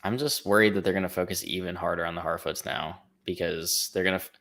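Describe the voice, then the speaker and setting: A man with a very low yet bright voice, chatting casually. He answers with dry, wry comments and short laughs. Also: steady tone, fast talker. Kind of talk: casual chat.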